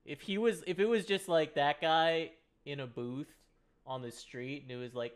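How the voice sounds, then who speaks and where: A man's voice: on the high side, moderate pace. Joking, sarcastic young man. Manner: joking, sarcastic, swears freely. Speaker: podcast co-host. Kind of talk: casual chat.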